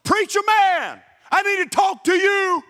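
A man's voice: very high-pitched, steady tone, unhurried, bright, forceful tone, in a large hall, voice pushed up, exaggerated voice. A man preaching who acts out a big grown man hollering at the top of his lungs to a preacher.

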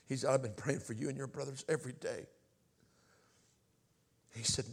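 A middle-aged man from Alabama, preaching a personal testimony and swinging between hushed retelling and loud, impassioned outbursts. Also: medium pitch, steady tone, moderate pace, pauses often. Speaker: evangelist. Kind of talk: testimony sermon.

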